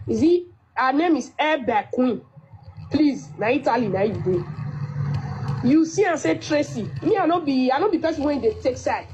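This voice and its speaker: A woman's voice: high voice, a little mellow, breathy edge. A woman with a Nigerian Pidgin English accent giving a firm, lecturing complaint in a played clip. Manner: firm, lecturing, quoting others. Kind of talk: complaining monologue. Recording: dull lo-fi clip.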